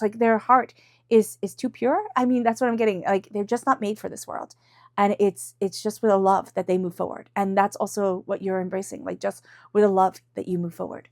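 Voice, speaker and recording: A woman's voice: medium pitch, steady tone, fairly quick, darkish tone, dry recording, clean studio sound. A woman giving an intuitive tarot reading in a chatty, emotional way, full of fillers and asides. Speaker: tarot reader.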